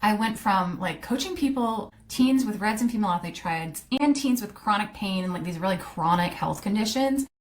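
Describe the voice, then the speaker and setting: A middle-aged woman with a lilt talks through her own story on a podcast. Her pitch sits in a middling range. She is candid and chatty, full of fillers, and she keeps acting out what she once said to herself. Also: animated. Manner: chatty, candid, fillers and quick self-quotes. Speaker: podcast host, coach. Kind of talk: casual personal storytelling.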